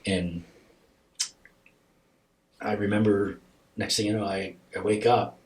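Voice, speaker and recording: A middle-aged man telling a deeply personal story as a podcast guest, halting and repeating himself as his voice rises and falls with emotion. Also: steady tone, darkish tone, a little hiss or hum, poor audio.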